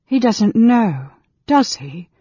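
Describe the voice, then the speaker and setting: A man's voice: high-pitched, very animated, takes it slowly, breathy edge, no room sound, pitched above the performer's own voice, heavily acted. A man doing a scathing, regal elf queen. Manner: sharp, scathing, raised. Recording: dull, dry lo-fi recording.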